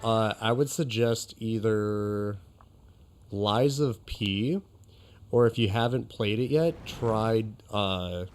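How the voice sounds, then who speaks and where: A man's voice: lowish voice, slow pace, darkish tone, faint music behind. A young man streaming gameplay and chatting casually, rambling while he answers chat, his voice getting a little crackly.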